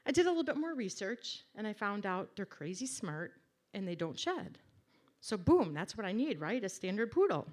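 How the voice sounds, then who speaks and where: A woman's voice: medium pitch, very animated, normal speed, a little mellow. A woman telling a personal story on a live stage in a wry, conversational, self-deprecating way.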